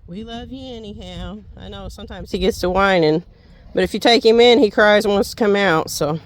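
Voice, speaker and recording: Speaking fairly quickly in a mid-range voice, the weary homestead vlogger talks folksily to her viewers beside the animal pens outside. It's a casual chat to camera, and the audio quality is poor.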